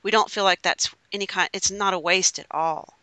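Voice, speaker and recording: A woman in her thirties, a stay-at-home mother, chatting casually and telling animated stories with frequent laughter. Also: mid-range voice, normal speed, dry recording, rough recording. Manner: animated storyteller, laughs often. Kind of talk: casual chat.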